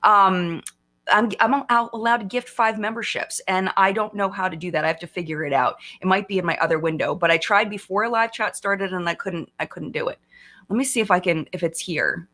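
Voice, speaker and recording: A woman hosting a casual live-stream chat, talking in a chatty, excitable way with frequent fillers and laughter. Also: mid-range voice, brisk.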